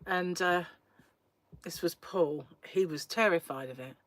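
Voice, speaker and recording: Chatty woman, low voice. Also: a little slow. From England. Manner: chatty storyteller who laughs often. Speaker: crochet livestream host. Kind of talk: casual live-stream chat.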